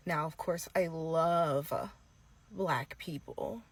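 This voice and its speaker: A weepy young influencer, as a woman puts her on, stumbling over fillers and sinking to a soft, near-breathy hush. She sounds fake-emotional and a little low for her type, sometimes rushing ahead in sudden quick bursts. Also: exaggerated voice. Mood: tearful, earnest. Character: tearful young white female influencer apologizing. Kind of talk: comedic impression.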